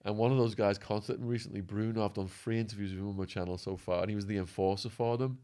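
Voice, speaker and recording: A man telling prison stories as a podcast guest, acting out quotes and laughing, his voice going hoarse. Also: fairly low pitch, fast. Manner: animated storyteller, acts out quotes, laughs. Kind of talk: storytelling interview.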